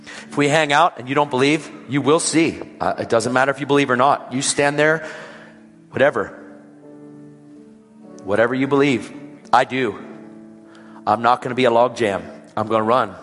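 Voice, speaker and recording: A man preaching, telling a healing testimony as a lively story, acting out the people in it and repeating his praise with emphasis. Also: mid-range voice, normal speed, pauses often, long reverb tail, soft background music. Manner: dramatic retelling that acts out the quoted voices.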